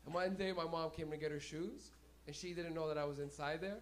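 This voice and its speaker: A young man hosting a comedy night and telling stand-up stories in a loud, profane way, breaking into laughter, in a small club. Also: fairly high pitch, fairly even intonation, brisk. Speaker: comedy host. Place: small smoky comedy venue.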